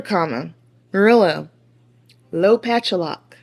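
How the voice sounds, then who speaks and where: A woman in her thirties talking casually to her viewers, telling a story in a sassy, slangy, animated way. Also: on the low side, normal speed. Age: 30s. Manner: animated, sassy, slangy, rising to exasperated outbursts. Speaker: beauty vlogger.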